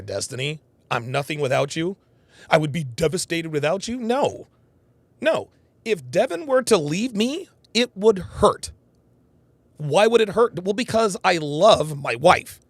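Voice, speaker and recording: A high-pitched man hosts live reaction commentary on a dry recording. He's animated and emphatic, repeating phrases over and over for stress.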